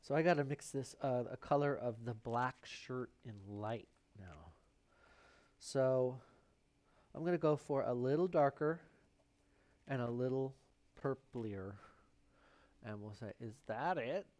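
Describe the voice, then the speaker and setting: Playful slow-talking male painter. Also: medium pitch, a little mellow. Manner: playful, muttering to himself, drifts into whispers. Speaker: painter hosting a live painting stream. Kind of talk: live painting demonstration chat. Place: painting studio. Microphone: lavalier microphone.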